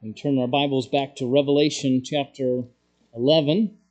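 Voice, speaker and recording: A middle-aged male pastor delivering a sermon. His voice sits at an ordinary mid pitch, and his delivery is loose and conversational, full of restarts and small fillers. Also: fairly even intonation, a little mellow. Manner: halting, with frequent fillers and restarts, chuckling asides.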